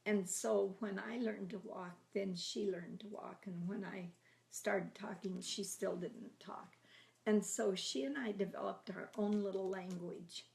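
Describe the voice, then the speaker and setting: An elderly woman in her eighties reminisces about her childhood, chatty and quick to laugh. Her voice carries a gravelly fry, pitched in a middle range, and she often drops into a soft half-whisper. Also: fairly even intonation. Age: 80s. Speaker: grandmother telling her life story. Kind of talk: casual oral history reminiscing.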